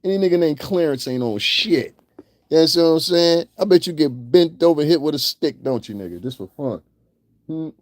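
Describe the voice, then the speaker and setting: A man's voice: fairly high pitch, lively intonation, normal speed, dry recording. A man hosting a livestream, talking crudely and casually to his chat, roasting viewers and laughing often. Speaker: livestream host. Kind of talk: casual profane commentary to chat.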